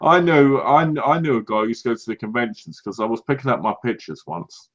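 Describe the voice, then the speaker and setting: A British man co-hosting a casual podcast, telling lively anecdotes and acting out what other people said. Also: medium pitch, fast. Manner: animated anecdotes, acts out other people's lines. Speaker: podcast co-host. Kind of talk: casual chat, storytelling. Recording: dull lo-fi recording.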